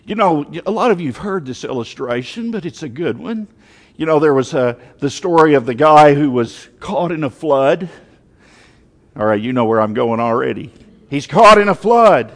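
A man preaching a sermon to his congregation, telling a story with emphatic, animated rises in his voice. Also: a little high, normal speed, big-room sound.

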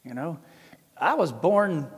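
A middle-aged priest with a thick Appalachian Southern drawl speaks in a fairly high voice. He talks in a folksy, self-deprecating storytelling way and acts out the voices in his tales. His voice rings with a long reverb, as if he is in a big hall. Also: expressive, slow pace, slightly rough. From American South. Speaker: Orthodox priest. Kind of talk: storytelling talk.

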